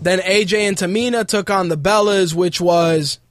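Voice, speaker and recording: A man's voice: high voice, moderate pace, a little hiss or hum. A man hosting a podcast, ranting casually and mockingly with plenty of swearing. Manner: profane, mocking rants, animated. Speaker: podcast host. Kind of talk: casual wrestling commentary.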